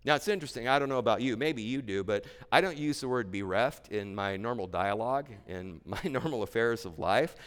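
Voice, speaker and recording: A man's voice: mid-range voice, expressive, brisk, hardly any pauses, a bit bright, clear, resonant tone. A male pastor preaching an expository sermon in a church sanctuary, earnest and emphatic, repeating key phrases for weight. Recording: long church-hall reverb.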